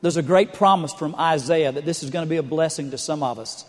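High-voiced man preaching in a reverberant hall. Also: a little fast. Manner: storytelling with humor, rising emphatic delivery. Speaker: pastor. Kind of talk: sermon.

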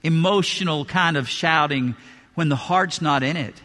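A man preaches from the pulpit, hammering his points home through repetition. His voice sits high and bright. The sound rings with the long reverb of a large hall. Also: moderate pace. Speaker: pastor. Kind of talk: sermon. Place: church sanctuary.

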